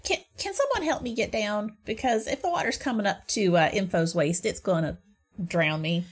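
A woman playing a tabletop game, speaking in a lively, eager way. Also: mid-range voice, moderate pace, breathy edge. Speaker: player. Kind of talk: casual tabletop play.

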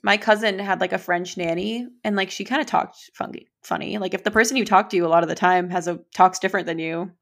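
A woman co-hosting a podcast, chatting casually with halting restarts and frequent laughter. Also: mid-range voice, steady tone, gravelly, fairly bright tone. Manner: laughing, halting, quick to react. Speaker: podcast co-host. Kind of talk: casual chat reading stories aloud.

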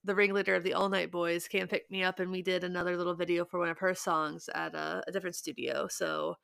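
Gravelly-voiced woman chatting casually. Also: on the low side, little pitch movement, quick pace, a bit bright, no room sound, clean studio sound. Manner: chatty, rambling, many fillers. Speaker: podcast co-host. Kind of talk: casual chat.

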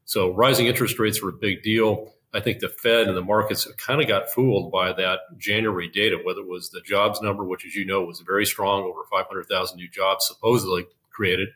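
Older man, low steady voice. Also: rough recording. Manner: measured, frequent fillers and restarts. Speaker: investment officer, guest. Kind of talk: finance interview, explanatory.

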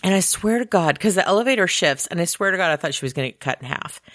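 A woman's voice: on the low side, animated, fast talker, a bit bright, no room sound, studio quality. A young woman co-hosting a casual movie recap, sarcastic and swearing, acting out lines from the film. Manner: sarcastic, swears, acts out quotes in voices. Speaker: podcast co-host.

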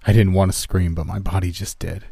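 A man reading a first-person horror story in calm, scripted narration, lifting his voice for quoted characters. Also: low voice, fairly quick, creaky, breathy edge, no echo.

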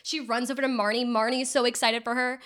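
A woman co-hosting a podcast, chatting in a giggly, upbeat way and reacting quickly. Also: on the high side, flat delivery, fairly bright tone. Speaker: podcast co-host. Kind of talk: casual chat.

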